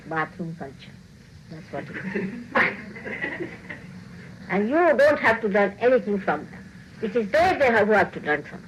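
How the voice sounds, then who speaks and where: A woman's voice: mid-range voice, a little hiss or hum, low-quality recording. A woman giving a spiritual talk to her followers, scolding them playfully, laughing often and acting out the voices she quotes. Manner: teasing, scolding with frequent laughter. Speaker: spiritual teacher.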